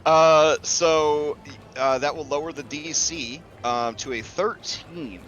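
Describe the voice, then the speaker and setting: A man's voice: a little high, slow, fairly bright tone, muffled recording, slight background noise. A man running a tabletop game as game master, talking loosely and chattily with many fillers and the odd curse.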